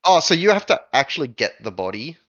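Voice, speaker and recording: A man's voice: a little high, very animated, quick pace, a bit bright, no room sound, highs cut off. A man narrating a tabletop game as game master, improvising with many fillers.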